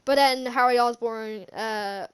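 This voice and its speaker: A woman who reviews movies recaps a film casually and ramblingly, giggling often and restarting her sentences many times. Her voice sits on the high side, unhurried and clean in tone.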